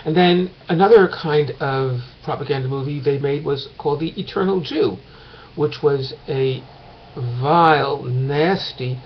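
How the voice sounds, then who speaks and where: A man's voice: on the high side, measured pace, muffled recording, a little hiss or hum. A man teaching a course in a casual recorded lecture, talking late at night at home and rambling with many fillers and restarts.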